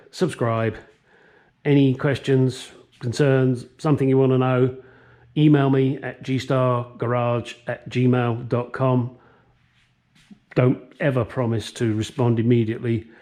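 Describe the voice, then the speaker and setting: Warm and mid-range, this channel host's voice carries a relaxed workshop vlog as he restores a classic car in his home garage. He rambles along, cracks jokes and swears without holding back.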